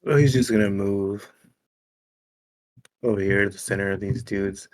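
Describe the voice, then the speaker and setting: A man's voice: on the low side, fairly even intonation, normal speed, a little mellow. A man playing a tabletop game, describing his character's moves in a laid-back way. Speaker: player.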